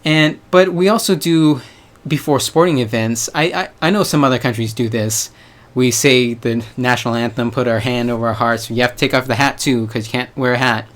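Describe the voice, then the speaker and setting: A young man speaks casually to his viewers in a rambling vlog monologue. He hedges often and drops in loose slang. His voice sits at a middling pitch. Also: fairly even intonation, brisk. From United States. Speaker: vlogger.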